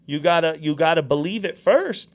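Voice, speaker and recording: Male host from New York, lively storyteller, voice sits a bit high. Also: moderate pace. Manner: animated storyteller, acts out quotes. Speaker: podcast host. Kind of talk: casual storytelling chat.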